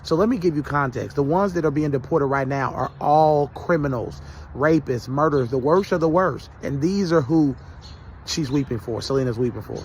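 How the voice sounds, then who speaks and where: A man's voice: on the high side, normal speed, a little mellow, slight background noise. A man giving heated political commentary, often stumbling and repeating words.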